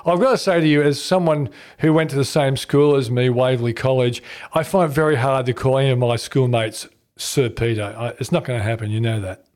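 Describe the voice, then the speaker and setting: A man's voice: medium pitch, steady tone, fairly quick, hardly any pauses, darkish tone. An Australian man hosting a radio interview, chatty and jovial, laughing often as he tells stories. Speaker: radio show host. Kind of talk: casual interview chat.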